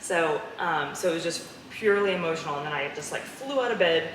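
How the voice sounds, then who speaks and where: Interview guest: woman with a low-pitched voice, animated storyteller, recorded in an echoey noisy room. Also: fairly quick. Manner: animated storyteller, laughs often. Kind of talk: casual interview conversation. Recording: echoey room with clear background noise.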